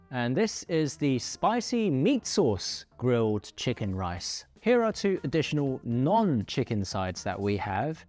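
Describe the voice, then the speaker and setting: A man hosting a casual food review, playful and animated as he describes each dish. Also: medium pitch, slow, no room sound, soft background music. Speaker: food show host.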